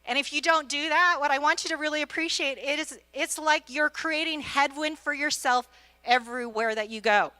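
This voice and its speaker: A middle-aged woman gives a motivational talk on a conference stage, speaking straight to the audience as an executive coach. Her voice is high and bright, and she acts out the quotes in her stories with plenty of energy. The sound is dry and close. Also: moderate pace, no echo.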